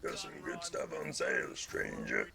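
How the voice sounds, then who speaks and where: A man voicing a shady male merchant hawking his wares in a gravelly drawl. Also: extremely low pitch, huge pitch swings, moderate pace, crowd noise, pitched below the performer's own voice, exaggerated voice. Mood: sly salesman.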